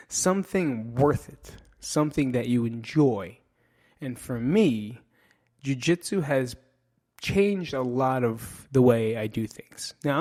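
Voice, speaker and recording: A man's voice: mid-range voice, a little mellow. A middle-aged man hosting a casual monologue, joking and swearing as he mocks himself. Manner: profane, joking, self-mocking. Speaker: podcast host.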